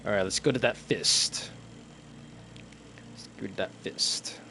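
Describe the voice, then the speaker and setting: Young male streamer, low-pitched, talks to himself while playing, confused and cursing, faint hiss behind. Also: measured pace, gravelly, bright, forceful tone. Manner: muttering to himself, confused and swearing. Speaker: gameplay streamer. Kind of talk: casual gameplay commentary.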